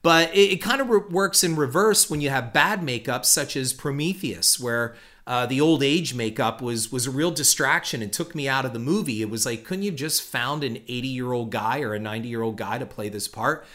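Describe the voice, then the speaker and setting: A man's voice: medium pitch, moderate pace, a bit bright. A middle-aged man hosting a solo podcast, talking in a rambling, opinionated way with many restarts and fillers. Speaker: podcast host.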